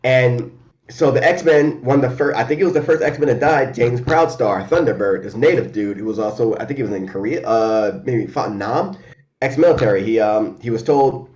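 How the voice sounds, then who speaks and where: A man with an ordinary mid-range voice chats casually over a remote call. He rambles excitedly, restarting sentences, stacking fillers and swearing freely. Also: mid-range voice, moderate pace, dull audio. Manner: animated and profane, many fillers and restarts. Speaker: podcast co-host. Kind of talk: casual chat.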